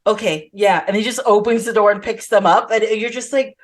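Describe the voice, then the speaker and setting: A woman's voice: mid-range voice, a little fast, hardly any pauses. A woman hosting a podcast, talking about films in a casual, rambling way and acting out lines in quotes. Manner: enthusiastic, rambling, acts out quotes. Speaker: podcast host. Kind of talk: casual film chat.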